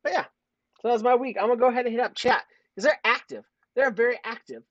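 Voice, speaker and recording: A man's voice: very high voice, quick pace, a bit bright, dry recording. Man co-host, crude and rambling, dull dry lo-fi stream sound. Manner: crude, rambling, self-mocking. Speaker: podcast co-host. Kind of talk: casual storytelling and chat.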